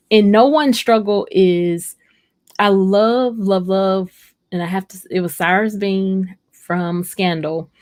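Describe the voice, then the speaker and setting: A woman's voice: lowish voice, darkish tone. A woman hosting a casual livestream, reading out viewer comments and answering them in a rambling, heartfelt way. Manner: rambling, chatty and heartfelt, addresses viewers directly.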